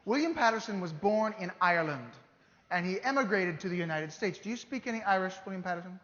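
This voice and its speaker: A man's voice: high voice, lively intonation, fast talker, fairly bright tone. An actor playing a teasing, theatrical founding-era statesman, coaxing a student audience in a live historical re-enactment. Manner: playful, coaxing, audience-directing. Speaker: costumed performer at an educational show. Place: large hall with a live audience. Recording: dull, echoey hall with faint ambience.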